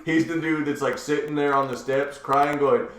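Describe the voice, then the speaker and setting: A slightly high-voiced man hosting a podcast, spinning stories and dropping into a low mumble to quote people. The recording has a roomy echo. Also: moderate pace, over a noisy crowd. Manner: animated storyteller, acts out quotes in a low mumble. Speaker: podcast host. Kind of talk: casual podcast chat.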